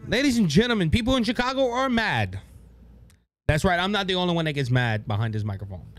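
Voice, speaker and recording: Male talk host, slightly high voice, animated solo political monologue, mocks those he quotes. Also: fast talker, soft background music. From Louisiana.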